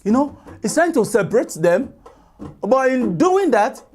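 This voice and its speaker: A woman telling a folk tale in an animated, chatty way, with asides to listeners. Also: high-pitched, measured pace. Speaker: storyteller.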